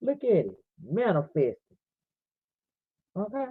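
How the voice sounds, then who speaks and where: A woman's voice: medium pitch, huge pitch swings, unhurried, slightly rough, no room sound. A woman in her forties hosting a livestream, preaching fervently and speaking straight to her viewers. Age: 40s. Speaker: livestream host. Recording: tinny phone-like audio, dry.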